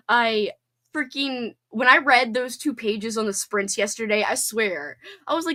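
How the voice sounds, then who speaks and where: A woman with a high-pitched, somewhat bright voice runs a casual livestream from her home, reading out viewer comments. She chats in a bubbly way, breaking into quick laughs and squeals.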